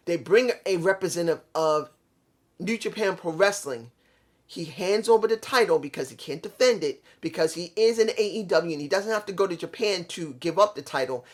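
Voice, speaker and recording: Wrestling reviewer, casual rant, frustrated, rambling, keeps asking why, swears, mid-pitched voice. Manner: frustrated, repeats rhetorical questions, swears; rambling, corrects own slips.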